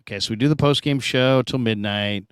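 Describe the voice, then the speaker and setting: Brief: middle-aged male sports talk host, animated storyteller, dry close sound. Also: mid-range voice, a little fast, smooth, no room sound. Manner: animated storyteller, acts out quoted voices.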